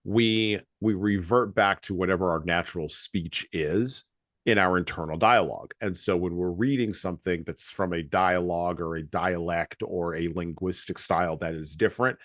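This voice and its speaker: Deep-voiced measured American host. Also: male voice, fairly bright tone, no echo, clean studio sound. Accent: flat Midwestern American. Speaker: podcast host. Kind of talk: casual podcast conversation.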